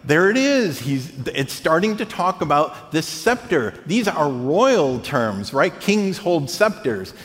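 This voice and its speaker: A man preaching a sermon as pastor, animated, often checking in with the congregation by asking "right?". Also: fairly high pitch, slow, hardly any pauses, big-room sound.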